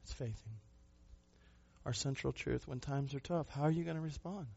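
Husky-voiced man preaching a sermon. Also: mid-range voice, normal speed, highs cut off. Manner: emphatic, rhetorical questions, shifting between loud and soft. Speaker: pastor.

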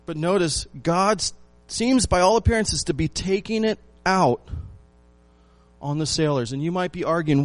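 A man preaching a sermon, asking his listeners rhetorical questions and repeating phrases for emphasis, swinging between loud lines and hushed ones. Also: a little high, normal speed, no room sound. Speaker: pastor.

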